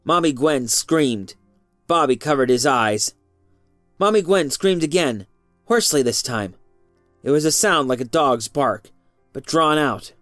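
An expressive storyteller reading a tale aloud. The pitch moves a lot, rising and falling through the sentences. The recording is dry and close, with faint music underneath. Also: a little slow, pauses often, no echo. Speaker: narrator.

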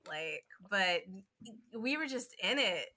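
A woman co-hosting a podcast in casual chat, animated and chatty, with frequent laughter and casual swearing. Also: medium pitch, takes it slowly. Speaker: podcast co-host.

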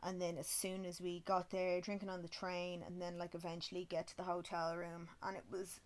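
Woman in her twenties, casual sweary storyteller with a slightly low voice. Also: completely flat delivery, fairly quick. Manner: chatty, swears freely, self-mocking. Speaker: vlogger.

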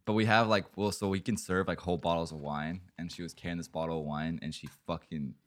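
A podcast host chatting casually, telling rambling, profane stories full of fillers. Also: male voice, low-pitched, fairly even intonation, quick pace.

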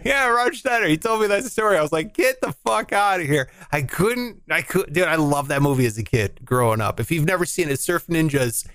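A man in casual podcast chat, rambling and animated, swearing freely and slipping into voices of people he quotes. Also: a little high, brisk, hardly any pauses, no echo. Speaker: podcast co-host.

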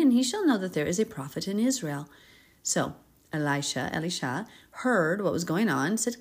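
A woman hosting a Bible podcast, reading scripture aloud and breaking off into expressive, giggly commentary. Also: lowish voice, a little fast, slightly rough. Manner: expressive, giggly, acts out characters in paraphrase.

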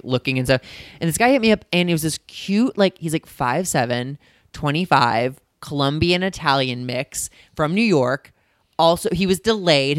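Man in his thirties, smooth clear voice, dry close sound, chatty storyteller quoting others. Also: on the high side, fairly bright tone, no echo. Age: 30s. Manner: chatty, acts out quoted dialogue, frequent likes. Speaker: podcast co-host. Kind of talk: casual storytelling chat.

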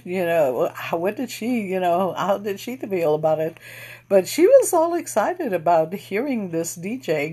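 A middle-aged woman telling a personal story in a casual, unhurried, reflective way, with many pauses and fillers. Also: on the low side, darkish tone, slightly rough. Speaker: storyteller recounting UFO experiences.

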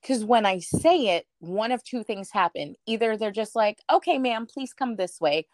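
A woman telling a personal story as an interview guest, animated, acting out the voices of the people she quotes, with lots of "like". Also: mid-range voice, moderate pace, no echo, studio quality. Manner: frequent "like" fillers.

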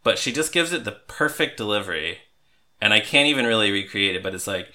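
A man hosting a podcast in casual, chatty talk, quick to laugh. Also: on the low side, animated, pushed and bright. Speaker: podcast host. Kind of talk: casual chat.

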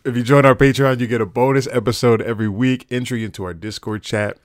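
A man's voice: medium pitch, steady tone, quick pace, no echo, clean studio sound. A man co-hosting a podcast, chatting casually with loose, laughing banter and frequent swearing. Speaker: podcast co-host.

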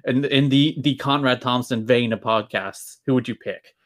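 A man's voice: medium pitch, steady tone, moderate pace. A man from Ireland with a light Irish accent, a podcast guest in casual chat with a dry, self-deprecating humor.

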